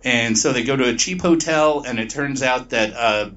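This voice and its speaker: A man's voice: medium pitch, fairly bright tone, distant mic, highs cut off. Rambling, profane man recapping a plot. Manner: profane, rambling retelling with quick put-on voices. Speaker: podcast co-host.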